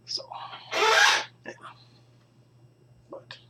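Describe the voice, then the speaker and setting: A man's voice: drawn-out words, bright, forceful tone. A young man rambling casually to camera in a vlog, often trailing off into near-whispers and sighing. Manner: mumbling, trailing off into near-whispers, sighs and laughs. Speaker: vlogger.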